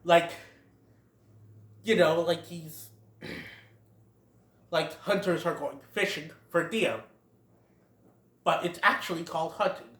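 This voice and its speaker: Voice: mid-range voice, slow pace, pauses often, fairly bright tone, echoey room. A film reviewer retelling a plot in a casual, chatty way, laughing along. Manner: chatty, laughs at own jokes.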